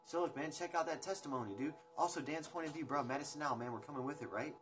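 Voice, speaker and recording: A fast-talking young man with a voice on the high side hosts a relaxed livestream from his home. He chats casually with viewers over his phone, meanders from one topic to another, and curses now and then, with music playing behind him.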